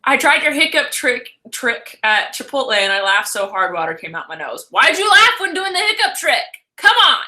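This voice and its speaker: A woman's voice: high voice, big pitch swings, bright, forceful tone. A young woman hosting a casual live stream, rambling and chatty as she answers viewers and corrects herself as she goes. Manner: chatty and rambling, heavy use of "like", quick self-corrections.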